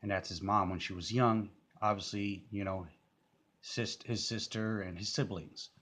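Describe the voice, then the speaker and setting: A man's voice: fairly low pitch, fairly even intonation, measured pace, fairly bright tone. A man giving casual, rambling commentary on a music video, full of fillers and restarts.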